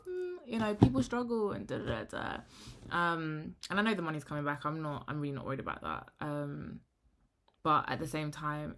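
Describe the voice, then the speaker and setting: A young woman talks straight to camera in a frank, rambling vlog. Her voice sits low yet sounds bright and forceful. She swings between animated bursts and hushed asides. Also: vocal fry, slight background noise. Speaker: vlogger. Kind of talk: candid talking-to-camera vlog.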